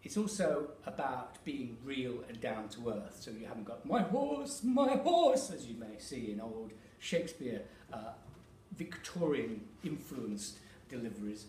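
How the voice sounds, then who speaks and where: A theatre director and actor giving an educational talk to camera. He explains at an unhurried pace, pauses on fillers, and taps out rhythms. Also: mid-range voice, a little mellow, a little hiss or hum. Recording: roomy echo, distant mic, faint ambience.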